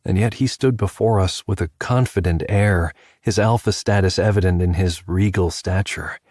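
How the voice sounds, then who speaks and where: A man reads a first-person audiobook in a measured, even manner. His voice sits very low, and the studio recording is dry and close. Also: no echo. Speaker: audiobook narrator. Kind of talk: scripted first-person narration.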